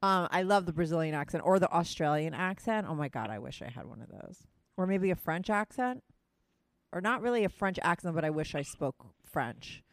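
With a lowish voice, lively intonation and a brisk pace, a thirty-something woman hosts a podcast in a New Jersey or New York accent. It's a casual phone chat where she's blunt, teases her friend, and leans on fillers. No room sound is audible.

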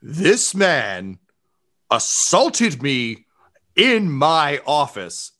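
A nervous, fawning male official rambles through his words and stammers, played by a man. The voice sits raised and a little louder than ordinary talk. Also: fairly high pitch, wildly swooping pitch, drawn-out words, pitched above the performer's own voice, exaggerated voice. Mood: accusing.

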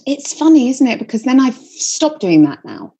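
A singer-songwriter in her thirties, appearing as a guest on a podcast, talks candidly in a high, sing-song, husky voice with a dark tone at a moderate pace. She's chatty and self-deprecating and swears freely.

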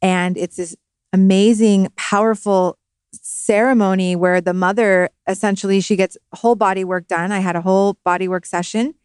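A woman in her thirties speaks with a smooth, resonant voice in a close, dry studio sound. She tells a personal story earnestly and emotionally, with a spiritual bent. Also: medium pitch, fairly even intonation, normal speed, a little mellow, dry recording. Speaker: podcast guest. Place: recording studio.

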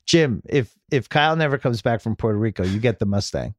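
A man hosting a podcast in relaxed, wry chat, at an ordinary middle pitch. His voice is close and dry, with no room sound around it. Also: fairly quick, few pauses, no echo. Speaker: podcast host. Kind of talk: casual podcast chat and read ad.

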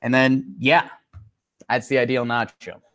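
A man co-hosting a casual sports podcast, rambling and self-deprecating, turning animated when he recaps the game. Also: mid-range voice, measured pace. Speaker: podcast co-host.

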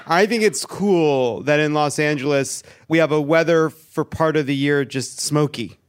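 A man's voice: on the high side, measured pace, smooth. A man hosting a comedic live podcast, mock-outraged and laughing often. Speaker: host. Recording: live show with audience and noise.

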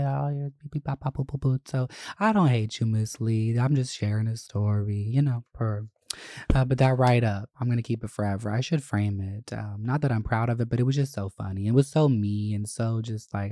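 Creaky-voiced young vlogger telling stories. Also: mid-range voice, no echo, studio quality. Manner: profane, animated, gossipy. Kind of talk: casual storytelling.

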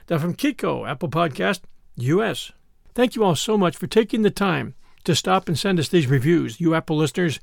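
A man narrating a classic novel with an expressive, dramatic delivery, then speaking as the podcast host. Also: sits high, moderate pace, creaky, dry recording, clean studio sound.

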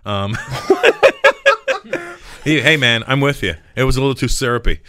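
A man's voice: mid-range voice, quick pace, pushed and bright, smooth, dry recording. A man appearing as a comedian guest in a studio interview, bantering in a joking, self-deprecating way. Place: recording studio.

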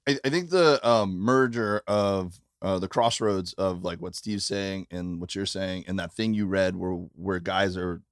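A middle-aged man with a Midwestern accent talks in a low, earnest ramble, restarting his sentences as he works toward his point. The sound is dry and close, recorded aboard a tour bus with no room echo. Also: unhurried, hardly any pauses. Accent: Midwestern American. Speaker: stand-up comedian. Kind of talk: casual podcast chat.

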